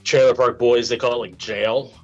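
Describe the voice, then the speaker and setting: A man co-hosting a podcast in casual chat. He is relaxed, laughs along with the others and swears casually. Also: mid-range voice, moderate pace, muffled recording, faint music behind. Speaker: podcast co-host.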